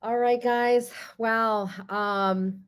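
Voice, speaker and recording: A woman's voice: on the high side, fairly even intonation, very slow, clear, resonant tone. Emotional woman closing a virtual conference. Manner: emotional, effusive, chatty. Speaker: board chair. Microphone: video call.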